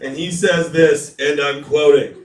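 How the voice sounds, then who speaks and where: A man's voice: fairly high pitch, steady tone, measured pace, distant mic. A man performing a stand-up set, telling rambling, profane stories and talking to the crowd. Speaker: stand-up comedian. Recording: echoey room picked up from afar with loud crowd.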